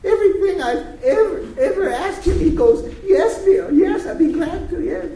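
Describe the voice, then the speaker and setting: A frantic, sobbing young pregnant woman in a high, wailing voice, put on by a man telling a story. She sounds far from the mic in a roomy hall with faint hiss behind her. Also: animated, moderate pace, mellow. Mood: distraught. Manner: wailing, breaking into laughter.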